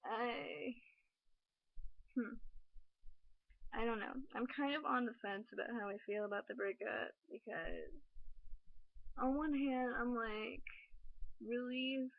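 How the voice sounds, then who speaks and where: A woman's voice: a little high, slow pace, creaky, pauses often, no room sound. A young woman vlogging to her camera, rambling and near tears, fighting back crying as she talks. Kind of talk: confessional vlog. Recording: dry, tinny phone-like sound.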